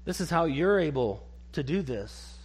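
A man preaching a sermon in an emphatic way, asking rhetorical questions and then dropping to soft, short one-word answers. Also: a little high, very animated, normal speed, slightly rough.

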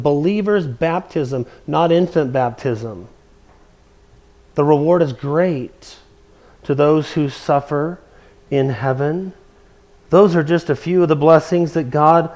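Male preacher, fairly high voice, emphatic sermon delivery, leans on repeated key phrases. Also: a little mellow. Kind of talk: expository sermon.

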